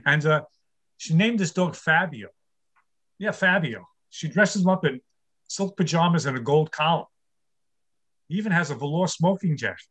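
A man's voice: a little high, expressive, normal speed, long pauses, a bit bright. An older man performing a stand-up comedy set, telling wry, self-deprecating jokes about his marriage.

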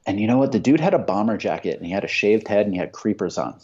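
A man's voice: fairly low pitch, animated, fast talker, darkish tone, husky. A man telling profane, heated stories in casual chat. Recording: dull lo-fi sound.

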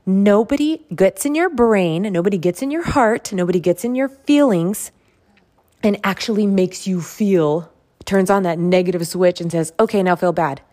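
A woman's voice: mid-range voice, moderate pace, mellow. A woman hosting a motivational self-help podcast, speaking earnestly and repeating phrases for emphasis. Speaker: podcast host.

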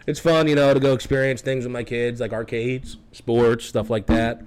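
A man's voice: mid-range voice, little pitch movement, normal speed, a little mellow, clean tone. A man in his thirties hosting a podcast, telling stories casually with lots of swearing and laughter. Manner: profane, laughing storyteller. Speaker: podcast host, EMT.

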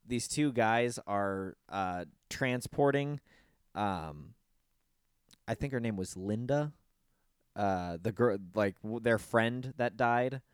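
A man hosting a podcast in casual chat, animated and swearing, jumping into high squeaky voices to mimic people. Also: slow, clear, resonant tone, no echo, clean studio sound. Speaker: podcast host.

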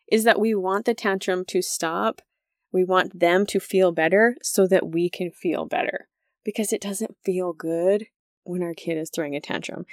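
A woman's voice: mid-range voice, no room sound, studio quality. A woman in her thirties hosting a parenting podcast in a casual, conversational way. She laughs often and acts out the lines she quotes.

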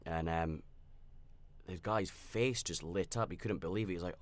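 A man's voice: sits low, unhurried. A man hosting a podcast, telling a personal story in a rambling, candid and reflective way, with frequent restarts and fillers. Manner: reflective and self-aware. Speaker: podcast host.

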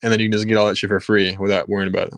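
A man's voice: fairly low pitch, flat delivery, very fast, vocal fry. A young man co-hosting a casual podcast chat, laid-back and self-deprecating. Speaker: podcast co-host.

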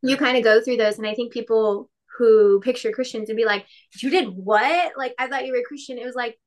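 Chatty higher-voiced woman. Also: fairly quick. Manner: chatty, laughs often, acts out quotes. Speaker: podcast co-host. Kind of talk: casual faith chat.

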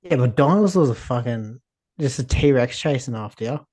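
A man's voice: mid-range voice, animated, normal speed, a little mellow, dry recording. Young man, Australian accent, podcast co-host, blunt, dry jokes, swearing, dry close sound. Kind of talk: casual chat.

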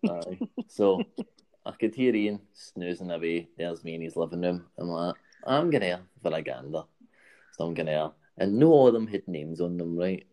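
A man's voice: low voice, normal speed, mellow. A Scottish man telling a long, rambling anecdote in casual chat, checking in with "right?" and laughing as he goes.

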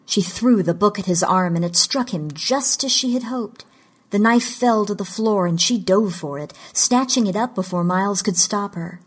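A woman narrating a fantasy short story in a measured, deliberate storytelling delivery. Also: lowish voice, husky. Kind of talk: scripted audiobook narration of fiction.

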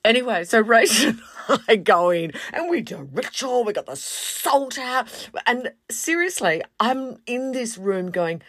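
A woman's voice: fairly high pitch, unhurried, no echo, clean studio sound. A woman hosting a podcast, telling a story in a casual way and acting out the quoted lines. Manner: animated, acts out quotes in other voices. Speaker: podcast host.

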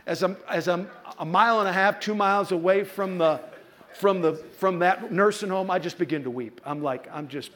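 Animated man preaching with stories. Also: sits high, normal speed. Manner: animated storytelling with playful asides to the congregation. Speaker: pastor. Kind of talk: sermon. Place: church.

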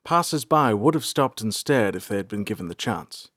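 A man reading a fantasy audiobook aloud in measured storytelling. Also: on the low side, expressive, fairly bright tone, no echo, studio quality. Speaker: narrator. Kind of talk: scripted audiobook narration.

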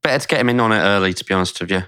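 A man's voice: lowish voice, racing, pushed and bright, smooth, no echo, studio quality. A man co-hosting a casual podcast, bantering and teasing his co-host. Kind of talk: casual chat.

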